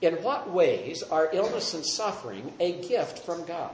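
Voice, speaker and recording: A man's voice: a little high, sing-song, unhurried, a little hiss or hum. A man teaching a Bible study class, earnest and emphatic, asking the group questions. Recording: roomy echo.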